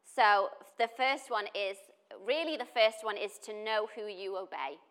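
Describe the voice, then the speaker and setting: A woman preaches to her church in a relaxed, conversational way. She breaks off into asides and restarts her sentences, with her pitch in the middle range. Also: unhurried, smooth. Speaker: church speaker. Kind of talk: sermon.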